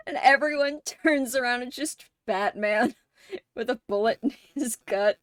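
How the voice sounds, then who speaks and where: A woman hosting a livestream, chatting casually with viewers, laughing often and swearing freely in animated reactions. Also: fairly high pitch, slow pace, pauses often, dry recording, clean studio sound. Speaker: livestream host.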